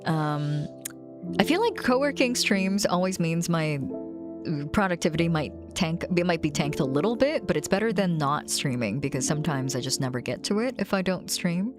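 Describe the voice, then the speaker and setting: A woman's voice: on the low side, expressive, moderate pace, music in the background. A young woman hosting a casual co-working stream, chatting with viewers and cooing over her cat. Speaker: streamer host. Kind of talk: casual chat with chat readers.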